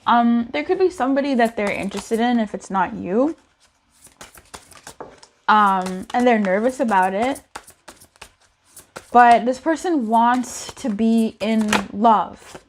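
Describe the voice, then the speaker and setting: A woman's voice: fairly high pitch, slow pace, pauses often, a little hiss or hum. A woman giving a casual tarot reading in a chatty, giggly, playful way. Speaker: tarot reader.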